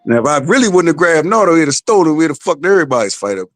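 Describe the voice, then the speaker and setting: A man's voice: fairly high pitch, very animated, rapid-fire, no echo. A man, the father of a boxer, telling a story in blunt, profane casual podcast talk.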